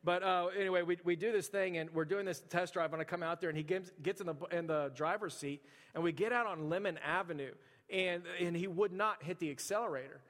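A man's voice: high voice, brisk. Man preaching in a reverberant hall. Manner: conversational, animated storyteller acting out quotes. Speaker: pastor. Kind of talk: storytelling sermon.

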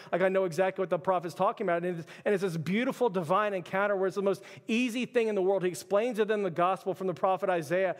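Fast-talking young male pastor preaching. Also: high voice. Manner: casual storytelling with frequent "like". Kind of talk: sermon. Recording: long reverb of a hall.

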